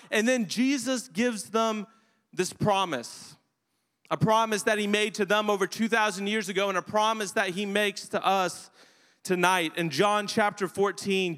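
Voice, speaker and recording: A man's voice: high-pitched, fairly even intonation, unhurried, a bit bright, clean tone, in a large hall. A man preaching a sermon as a pastor, telling the story in a casual, humorous way.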